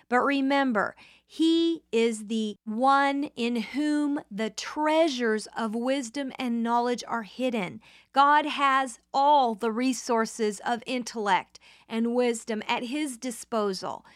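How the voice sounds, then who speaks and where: Slow, deliberate woman preaching a sermon. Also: a little high, a bit bright, clean tone, no room sound, clean studio sound.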